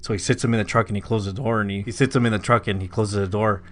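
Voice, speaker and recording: Racing through a spooky tale, this male podcast co-host rambles casually and leans heavily on fillers like "like" and "you know." His pitch is fairly low and his intonation mostly even, with some faint hiss or hum in the background.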